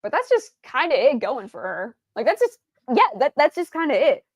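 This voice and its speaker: A woman's voice: sits high, big pitch swings, normal speed, dry recording, clean studio sound. A woman streamer chatting casually, rambling with many fillers and restarts, stumbling over her words and answering viewers' chat.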